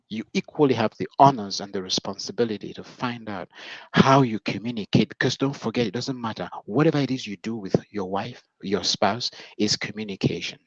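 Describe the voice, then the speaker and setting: A man working as a relationship coach, talking about communication in a measured, preacherly, reflective way. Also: mid-range voice, no room sound. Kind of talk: motivational advice talk. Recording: dull, dry lo-fi sound.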